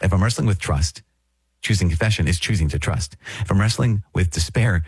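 A man's voice: deep voice, a little fast, husky, dry recording. A man giving an earnest, conversational Catholic teaching talk, often checking in with listeners. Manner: conversational, earnest, frequent "right?" check-ins. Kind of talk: recorded catechetical talk.

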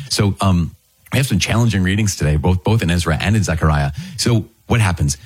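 Earnest low-voiced husky priest. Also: male voice, fairly quick, dry recording. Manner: conversational, earnest, with frequent restarts and asides. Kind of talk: sermon on scripture readings.

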